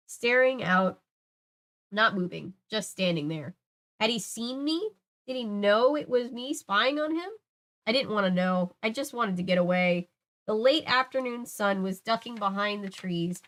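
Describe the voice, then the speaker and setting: Young woman, casual read-aloud host, even storytelling pace with swearing asides. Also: mid-range voice. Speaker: channel host reading a book aloud.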